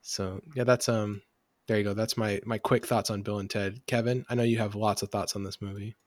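A man hosting a relaxed podcast, his voice sitting a little low and recorded close and dry. He talks in an animated way, laughs often, and leans on plenty of fillers. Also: brisk, dry recording. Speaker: podcast host. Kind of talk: casual podcast chat.

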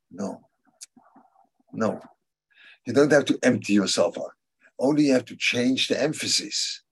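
Husky-voiced man, halting, thoughtful teacher. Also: mid-range voice. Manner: halting and thoughtful, repeats key phrases for emphasis. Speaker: religious teacher. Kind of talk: answering students' questions in a class.

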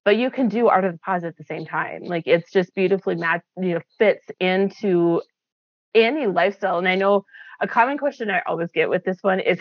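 A woman's voice: lowish voice, a little fast, no room sound. A woman who founded a wellness program, talking earnestly and reflectively in a casual chat, with frequent fillers. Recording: slightly dull, lo-fi audio.

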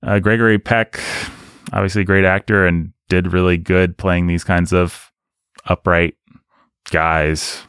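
A man's voice: low voice, flat delivery, a little slow, a bit bright, clean tone, dry recording, clean studio sound. A man co-hosting a podcast, chatting casually and with strong opinions about old films, wandering off into side stories. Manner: opinionated, conversational, digressive. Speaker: podcast co-host. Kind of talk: casual film discussion.

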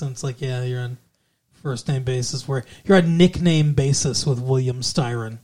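A man co-hosting a podcast in casual chat, animated and slipping into the characters' lines as he retells scenes. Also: mid-range voice, moderate pace. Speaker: podcast co-host. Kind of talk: casual movie-review chat.

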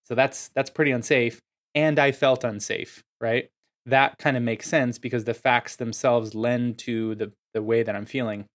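A man's voice: medium pitch, steady tone, normal speed. A man hosting a solo podcast, explaining ideas in a casual way with lots of filler words. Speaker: podcast host.

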